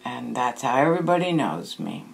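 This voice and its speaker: A woman voicing a boisterous, joking male ghost who lives in an old house, speaking loud and teasing. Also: extremely low pitch, sing-song, moderate pace, vocal fry, soft background music, pitched below the performer's own voice, heavily acted. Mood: jovial.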